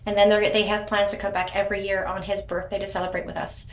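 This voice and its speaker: A woman's voice: medium pitch, flat delivery, fast talker, reverberant, a little hiss or hum. Chatty woman telling her story. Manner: warm storytelling, frequent restarts and repeated words. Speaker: podcast guest, surrogate. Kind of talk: casual interview chat.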